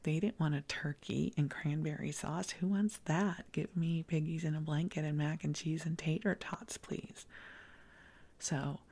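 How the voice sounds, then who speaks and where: A middle-aged woman hosting a sleep podcast, rambling softly in a half-whisper and laughing at herself. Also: low voice, creaky, husky. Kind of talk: soft bedtime rambling.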